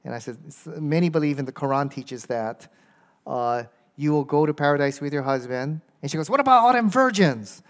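Male speaker for a church talk, conversational, medium pitch, tags lines with "okay?", slows down to read verses. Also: fairly even intonation, darkish tone. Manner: conversational, keeps checking in with "okay?" and reads verses aloud slowly. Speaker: speaker teaching a church audience about Quran passages. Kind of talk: informal lecture with audience questions.

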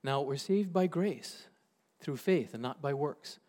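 A male pastor delivers a sermon in a slightly higher voice. His pitch swings widely as he stresses each point. He reads scripture aloud and slows down hard on the words that matter. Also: expressive, a little mellow.

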